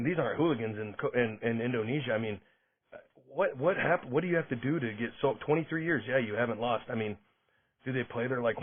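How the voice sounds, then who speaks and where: Rambling man on a tinny line. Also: mid-range voice. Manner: rambling, self-interrupting. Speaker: podcast host. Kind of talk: casual monologue. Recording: tinny phone-like sound.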